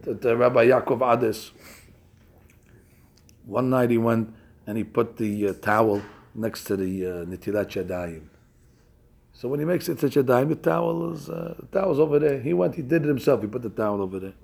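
A man teaches a Torah class in a mid-range voice at normal speed, with vocal fry and a slightly rough sound. He tells stories animatedly, acting out little scenes, and frequently restarts his sentences and uses fillers.

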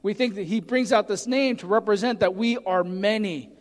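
A man's voice: sits high, normal speed, big-room sound. A man preaching a sermon, earnestly teaching and reading scripture aloud with emphasis. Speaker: pastor.

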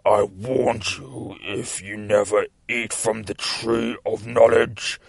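Man voicing a cruel comic-book demon, low and drawn out, dry sound. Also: fairly even intonation, slow, vocal fry, dry recording, exaggerated voice. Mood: menacing. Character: menacing male demon, cruel and taunting.

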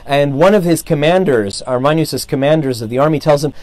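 A man's voice: fairly high pitch, brisk, a little mellow, no echo. A man casually retelling a saint's life, rambling, with many fillers and restarts. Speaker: storyteller.

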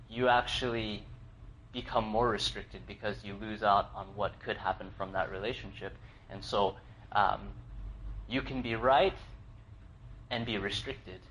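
A man's voice: mid-range voice, a bit bright, low-quality recording. A young adult man, a pastor, gives a conversational sermon built on a personal story, with fillers and restarts and frequent laughing.

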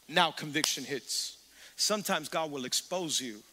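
A man pastor preaching a sermon, animated, calling on the congregation to respond. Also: a little high, fairly quick, slight background noise. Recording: reverberant church hall.

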